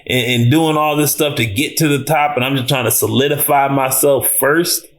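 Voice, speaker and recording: A man giving a casual, animated reaction review of a TV episode, talking in slang, swearing and restarting often. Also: mid-range voice, moderate pace.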